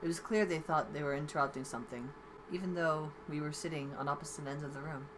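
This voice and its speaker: A woman's voice: low-pitched, steady tone, fast, background noise. A woman hosting a let's play, reading a visual novel aloud with playful commentary and small stumbles. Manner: playful, reads with occasional stumbles.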